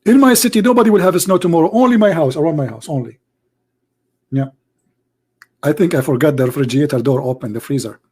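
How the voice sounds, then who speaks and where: A man with a hoarse voice who debates religion in a sarcastic, mocking way in an online commentary video. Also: a little high, fast talker, long pauses, a little mellow.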